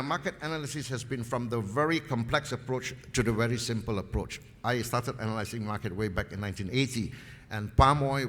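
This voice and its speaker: A man's voice: medium pitch, a bit bright. Emphatic man in a reverberant hall. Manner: emphatic, repeats key phrases. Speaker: seminar speaker. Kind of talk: market presentation with anecdotes. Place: seminar hall. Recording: long reverb in a seminar hall.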